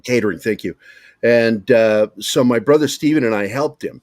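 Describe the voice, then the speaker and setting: A man's voice: medium pitch, normal speed, darkish tone, no echo, studio quality. A man from Virginia with a Southern accent, a former soldier telling blunt, profane stories on a podcast panel. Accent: American Southern. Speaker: podcast panelist, army veteran. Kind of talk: casual storytelling.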